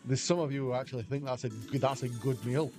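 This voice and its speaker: An English man chats loosely with his livestream viewers, answering their questions as they come in. His pitch sits in a plain middle range, and faint music plays behind him. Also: fast talker. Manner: rambling banter, answers chat questions aloud. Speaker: slot livestreamer. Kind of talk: casual chat with stream viewers.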